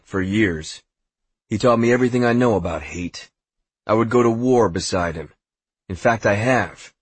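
A man reads a novel in the first person in a low, husky voice. His telling is gruff and bitter. The recording is dry and close. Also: no echo. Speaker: audiobook narrator. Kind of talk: first-person audiobook narration.

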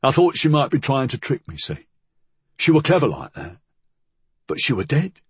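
A man voicing a big, brooding working-class tavern keeper who talks in a rough dialect. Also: mid-range voice, sing-song, moderate pace, no echo, voice pushed up. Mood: confessing.

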